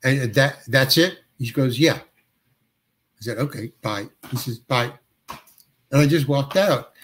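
An older male actor, a guest, telling a long anecdote and acting out the other people's dialogue with lively shifts of voice. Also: medium pitch, slow, slight background noise. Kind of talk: storytelling anecdote.

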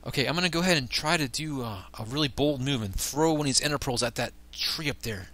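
A man hosting a Minecraft let's-play with excited commentary, often yelping and squealing when startled. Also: mid-range voice, fast. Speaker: gaming channel host.

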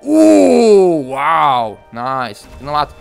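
A young man commenting on his own gameplay from home, swearing a lot and ranting with excitement. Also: high voice, normal speed, faint music behind. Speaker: gaming commentator. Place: room at home.

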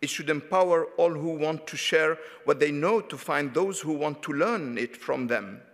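Hesitant moderator in a reverberant hall. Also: male voice, a little high, normal speed, fairly bright tone. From Tunisia. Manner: hesitant, many fillers and restarts. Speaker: panel moderator. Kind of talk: academic panel talk. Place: conference hall.

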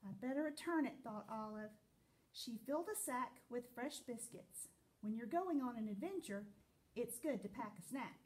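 A woman teacher reading a picture book aloud to children, in an expressive, sing-song storytelling manner. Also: a little high, unhurried.

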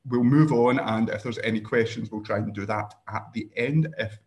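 A Scottish man walks through a software demo over a video call, his voice sitting a little low. He keeps a loose, easygoing delivery peppered with ums and dry little jokes. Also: normal speed. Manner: dry, joking asides with frequent ums. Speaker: workshop presenter. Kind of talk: screen-share software tutorial.

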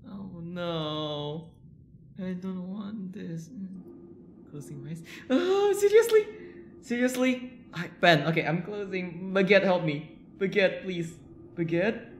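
A streamer nervously commenting live while playing a horror game, repeating short phrases and swinging between soft murmurs and sudden yelps. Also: medium pitch, steady tone, slow, a little hiss or hum. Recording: roomy sound with game music. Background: game music.

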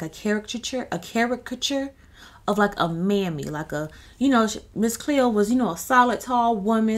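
A woman giving casual, chatty commentary on her channel, full of sassy asides. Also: mid-range voice. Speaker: YouTube commentator.

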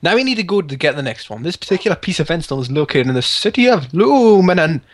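A man voicing a gruff old wizard while reading out game directions. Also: fairly high pitch, very animated, fast talker, no echo. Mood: instructive.

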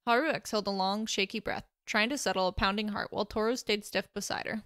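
A woman narrating a fan fiction story aloud in a steady storytelling way. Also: medium pitch, fast, few pauses, no room sound, clean studio sound.

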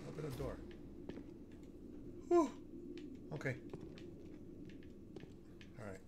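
A man giving nervous, excitable running commentary while playing a horror game, gasping and talking himself through it. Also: medium pitch, slow pace, gravelly. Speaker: gaming streamer. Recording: noticeable background noise.

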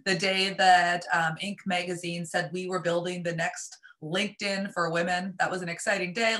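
Bright, slightly raspy woman presenter. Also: medium pitch. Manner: upbeat, chatty, many fillers. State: losing her voice. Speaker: workshop presenter. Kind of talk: live online marketing workshop.

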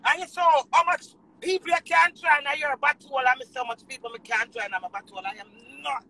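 A tearful woman with a Jamaican accent, ranting emotionally, swearing in patois, swinging from low mutters to shouts. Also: moderate pace, rough recording. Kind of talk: emotional live rant.

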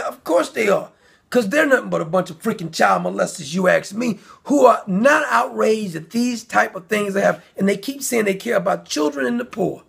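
A man hosting his own commentary video, talking in a heated, indignant rant that often rises to shouting. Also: very high voice, vocal fry, breathy edge. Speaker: commentary channel host. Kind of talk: angry ranting commentary.

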